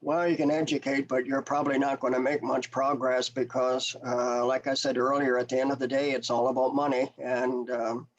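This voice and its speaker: Older man, naturalist guest, hesitant, rambling, filler-heavy, mid-pitched voice. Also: little pitch movement, moderate pace, few pauses, highs cut off. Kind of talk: casual interview conversation.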